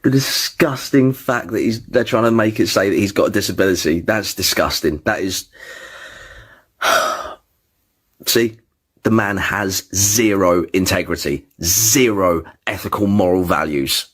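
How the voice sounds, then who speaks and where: A man with a husky, low voice reacts with slow, scornful commentary, dragging out his words. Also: fairly bright tone. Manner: scornful, sighing.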